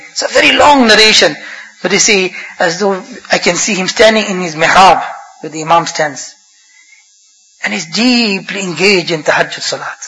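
A high, bright-voiced man delivering an impassioned sermon in what sounds like a prayer hall. His delivery rises and falls, with quick bursts of recited Arabic. The sound carries a long, hall-like reverb. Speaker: preacher.

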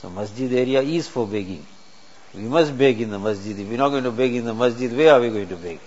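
In a dull, lo-fi recording with faint hiss, an Islamic preacher speaks to his congregation in a mosque. His medium-pitched, darkish voice is animated and quick, and he teaches earnestly by posing rhetorical questions.

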